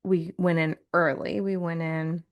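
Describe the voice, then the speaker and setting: A woman's voice: fairly low pitch, level tone, measured pace. A young woman hosting a podcast, talking openly and earnestly about her own experience. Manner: open, earnest, confessional. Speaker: podcast host. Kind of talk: candid podcast conversation.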